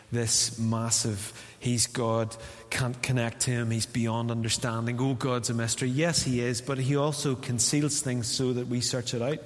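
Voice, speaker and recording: Northern Irish pastor preaching in a reverberant hall. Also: male voice, medium pitch. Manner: conversational preaching that acts out little dialogues. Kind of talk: sermon. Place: church hall. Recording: long reverb of a church hall.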